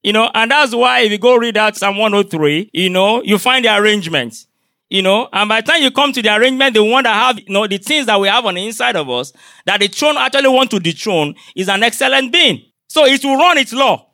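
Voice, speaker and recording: High bright-voiced preaching man. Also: lively intonation, a little fast, no echo, clean studio sound. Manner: rhetorical questions, repeats himself. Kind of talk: sermon.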